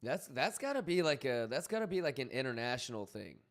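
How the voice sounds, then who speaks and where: A man's voice: medium pitch, very animated, brisk. A man streaming live, talking loosely and profanely as he reads chat messages aloud and rambles. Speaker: crypto trading livestreamer.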